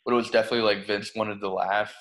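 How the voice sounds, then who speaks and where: A man's voice: lowish voice, little pitch movement, rapid-fire, a bit bright. A young man co-hosting a podcast, easygoing in casual chat, steering the talk. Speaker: podcast co-host. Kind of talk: casual chat about pro wrestling.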